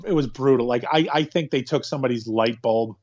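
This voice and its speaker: A man co-hosting a casual chat about a movie, retelling scenes in a rambling, animated way with quick quoted asides. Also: mid-range voice. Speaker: podcast co-host. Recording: dull lo-fi sound.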